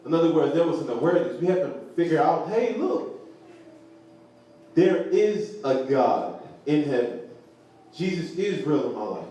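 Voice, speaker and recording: A man teaching the Bible to a group, animated and laughing, often asking the crowd questions. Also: fairly high pitch, normal speed. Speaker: preacher. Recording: echoey room from far off, faint noise.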